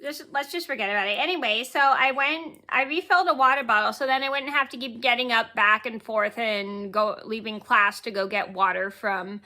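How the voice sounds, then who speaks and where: Late-20s woman vlogger, high bright voice, rambling casual story, frequent self-corrections and giggles. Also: moderate pace, hardly any pauses. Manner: rambling, repeats words and corrects herself; giggles while telling the story.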